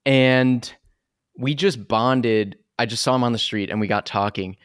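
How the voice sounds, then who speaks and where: A man's voice: medium pitch, measured pace, clear, resonant tone. A young man co-hosting a podcast in casual chat, chatty and self-mocking with lots of fillers. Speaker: podcast co-host.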